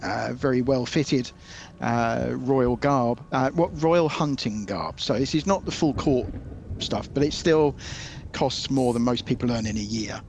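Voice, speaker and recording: A man's voice: mid-range voice, a little slow, gravelly, darkish tone, a little hiss or hum. A British man playing a tabletop game, talking in the manner of a foppish, pompous prince. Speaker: player. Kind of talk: tabletop role-play.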